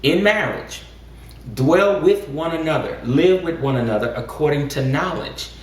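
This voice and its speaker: A man co-hosting a casual talk about marriage, speaking in a measured way that turns preacherly and rises with emphasis. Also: fairly high pitch. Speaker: co-host. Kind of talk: casual chat. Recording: echoey room, far from mic, faint noise.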